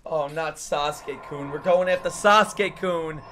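A young man reacting to an anime episode, swearing, laughing and shouting as he comments. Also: on the high side, normal speed, noisy background. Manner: loud, profane, laughs and shouts often. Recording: anime soundtrack music playing loudly underneath.

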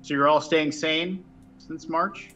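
A man's voice: a little high, fairly even intonation, takes it slowly, a bit bright, dull audio. A man hosting a board game session, chatting casually and explaining rules with dry sarcastic asides. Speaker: board game show host.

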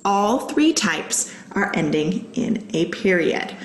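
A woman's voice: medium pitch, big pitch swings, takes it slowly, reverberant, poor audio. A woman teacher patiently walking young students through a writing lesson, explaining each step and reading example sentences aloud. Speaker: elementary school teacher. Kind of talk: recorded online lesson.

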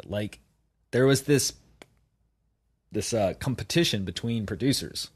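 A man's voice: medium pitch, moderate pace, dry recording. A man guesting on a podcast, riffing casually and animatedly with opinions, full of restarts and asides.

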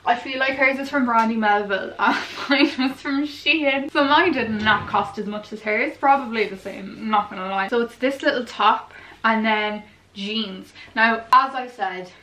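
Casting: chatty woman, bright higher voice, echoey room, away from the mic. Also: normal speed, far from the mic, slight background noise. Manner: bubbly, chatty, swears casually. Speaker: fashion vlogger. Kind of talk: casual chat to camera.

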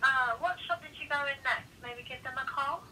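A woman shop assistant answering the phone politely and calmly. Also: high-pitched, fairly quick, slight background noise. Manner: polite, calm customer-service tone. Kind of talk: phone conversation. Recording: tinny distant phone line.

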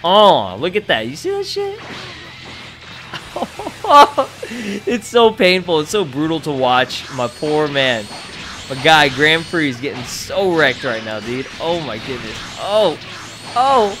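A young man giving excitable, profanity-laced commentary over his gameplay, laughing often. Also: a little high, slow, faint music behind. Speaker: gaming YouTuber.

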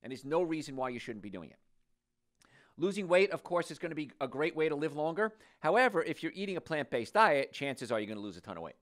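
An older man talks straight to the audience as a health show host. His delivery is folksy and joking, and his pitch swings up and down as he makes his points. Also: quick pace. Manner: animated, joking, folksy storytelling. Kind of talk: talk-show health monologue.

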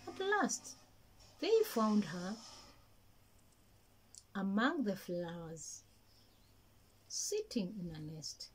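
A woman telling a story to young children in a gentle, slow, sing-song way, with lots of repetition. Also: mid-range voice, wildly swooping pitch, slight background noise, rough recording. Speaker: kindergarten storyteller.

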